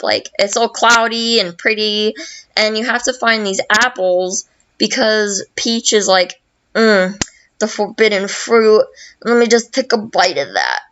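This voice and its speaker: A woman's voice: medium pitch, a bit bright, smooth, muffled recording. A woman hosting a podcast, casually recapping a video game in a rambling, profane way full of fillers. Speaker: podcast host.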